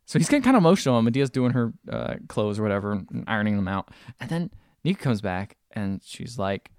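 A man's voice: fairly low pitch, very animated, quick pace, darkish tone, no echo, clean studio sound. A man hosting a podcast, casually recapping a movie, rambling and swearing. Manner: rambling, swears freely, acts out lines. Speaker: podcast host.

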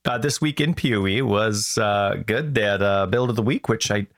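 A man co-hosts a podcast with a somewhat low voice. He rambles and jokes his way through casual chat. The recording is dry, with no room sound. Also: normal speed, fairly bright tone, no room sound. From Canada. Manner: rambling, joking storyteller. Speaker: podcast co-host.

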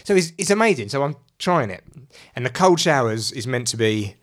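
A man's voice: medium pitch, big pitch swings, fairly quick, a bit bright. A man hosting a podcast, telling stories in a rambling way full of fillers and casual swearing. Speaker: podcast host. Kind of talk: casual chat.

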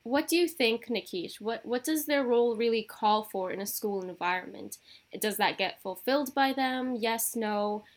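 A young woman co-hosting a podcast, speaking in a measured way, reading definitions aloud and posing questions. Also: on the high side. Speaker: podcast co-host. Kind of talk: casual podcast chat.

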